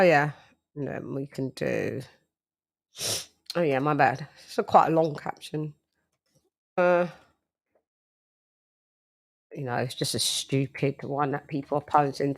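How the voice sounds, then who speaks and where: A woman hosting a casual live stream, calling out members in playful, sing-song shout-outs. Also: fairly low pitch, expressive, takes it slowly, long pauses. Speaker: show host.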